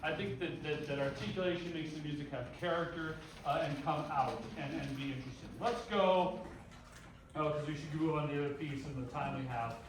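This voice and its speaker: A man's voice: a little high, brisk, background noise. Man coaching a band in a room. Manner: counts off, sings rhythms on syllables. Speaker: band clinician. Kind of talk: rehearsal instruction. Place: large rehearsal room. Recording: echoey rehearsal hall, far mic. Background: band playing.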